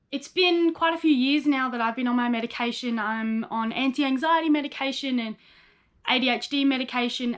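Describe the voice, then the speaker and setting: A woman's voice: sits high, a bit bright. A young woman, a psychologist in training, talking candidly and with feeling about her own story in a personal vlog, often quoting herself and others.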